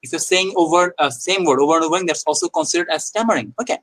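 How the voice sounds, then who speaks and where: A man's voice: fairly high pitch, rapid-fire, fairly bright tone, poor audio. A young man with a Bangladeshi accent, teaching an English speaking lesson in a live stream, explaining with small restarts and frequent okays. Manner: explanatory, repeats himself with small restarts and "okay"s.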